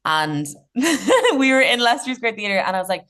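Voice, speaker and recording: A woman's voice: a little high, very animated, normal speed, a bit bright. Chatty woman telling comedy stories. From Ireland. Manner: chatty, laughs often, swears casually. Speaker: comedian guest. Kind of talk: casual podcast storytelling.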